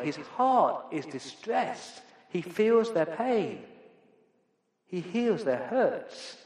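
A middle-aged man preaching a sermon as pastor, earnest and emphatic with repeated phrases. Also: on the high side. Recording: echoey church hall with long reverb.

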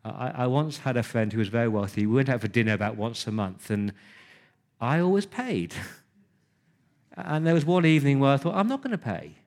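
A man's voice: mid-range voice, lively intonation, a little fast, a little mellow. A man preaching a sermon, retelling scripture conversationally with emphatic repetition.

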